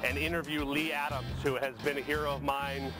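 A man's voice: medium pitch, flat delivery, brisk. A man, an emerging writer, eagerly introduces himself as the interviewer. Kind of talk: introduction to camera. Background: music.

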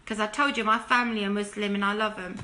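A woman's voice: level tone, quick pace, slight background noise. A woman delivering an impassioned, preachy monologue to camera, pressing her points with rhetorical questions. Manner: drops to a hushed, low plea when urging repentance. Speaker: Christian video commentator.

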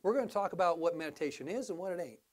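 Speaking very fast, a pastor delivers a lively church sermon. His voice swings from sudden exclamations to low asides, and he often starts sentences over.

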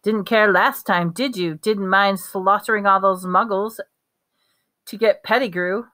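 A woman's voice: medium pitch, fairly even intonation, measured pace, bright, forceful tone. A woman doing Harry Potter, spitting rage. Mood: bitter. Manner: spitting, bitter and raging. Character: furious thirteen-year-old wizard boy Harry.

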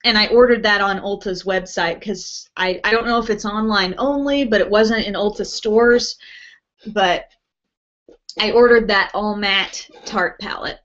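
A woman's voice: mid-range voice, measured pace, a bit bright. A woman hosting a casual beauty live stream from home, chatting and reading out viewer comments with lots of ums and little laughs. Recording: dull lo-fi webcast audio.

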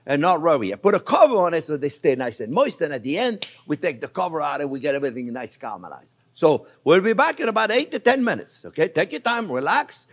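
An older man hosting a cooking show, chatting to viewers as friends while he cooks, easygoing and reassuring. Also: fast talker. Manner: lively pitch swings, laughs at his own slips. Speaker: cooking show host and chef. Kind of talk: casual cooking demonstration.

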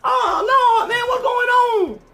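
A man doing a frantic shouting soldier. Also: very high-pitched, takes it slowly, vocal fry, pitched above the performer's own voice, heavily acted. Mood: panicked. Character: panicked young male soldier, bewildered.

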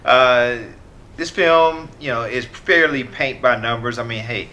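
A man co-hosting a movie review, speaking in a measured, articulate way with a dry wit. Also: medium pitch, pushed and bright, a little hiss or hum. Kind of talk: casual review chat.

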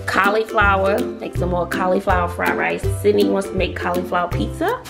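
A woman's voice: mid-range voice, fairly quick, vocal fry, loud music behind the voice. A woman with a Southern US accent, chatting casually to the camera as a vlogger, laughing often and talking straight to her viewers.

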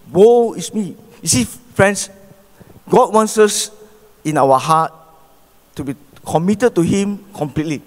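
A man's voice: high-pitched, slow, long pauses. Malaysian man preaching in a reverberant hall. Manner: animated preaching with rhetorical questions. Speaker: pastor. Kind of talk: sermon. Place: church hall. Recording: long church hall reverb.

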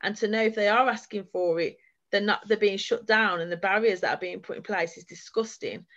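A woman speaking as a forum guest, giving an earnest and heartfelt account of her own experience. Her voice sits at an ordinary middle pitch, and her sentences run on in long, flowing stretches. The recording is a little dull and lo-fi. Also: fairly quick, a bit bright. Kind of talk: personal testimony at a forum.

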